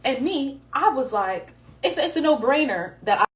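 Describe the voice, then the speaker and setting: A woman's voice: high voice, expressive, measured pace, far from the mic, rough recording. A young woman in her twenties on a livestream, telling a school story in a chatty, self-mocking way. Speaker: livestream co-host. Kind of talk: casual chat, storytelling. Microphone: phone livestream. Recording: voice set back from the phone mic.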